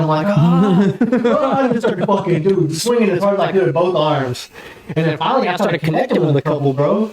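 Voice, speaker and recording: A man guest on a podcast, telling a story in a casual, animated, slang-heavy and profane way. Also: fairly high pitch. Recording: roomy echo.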